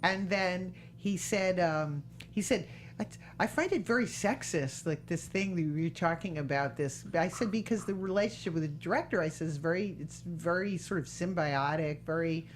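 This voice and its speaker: Female podcast host, low voice, chatty and animated storyteller. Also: moderate pace, few pauses. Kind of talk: casual interview chat.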